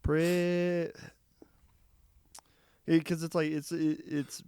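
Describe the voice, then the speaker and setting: A man co-hosting a casual movie review podcast, rambling and halting as he thinks aloud. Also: fairly high pitch, flat delivery, dark tone, clean tone. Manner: rambling, halting, many restarts. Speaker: podcast co-host.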